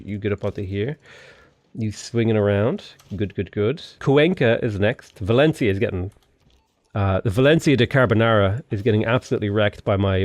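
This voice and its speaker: Excitable Irish man narrating gameplay. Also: lowish voice, no echo. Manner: playful, excitable, jokey asides. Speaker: game commentator. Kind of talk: casual gameplay commentary.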